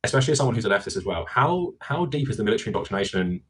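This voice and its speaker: A man's voice: on the low side, big pitch swings, very fast, fairly bright tone, a little hiss or hum, low-quality recording. A man interviewing a guest, explaining at length with many fillers. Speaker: interviewer in a played clip. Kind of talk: conversational interview.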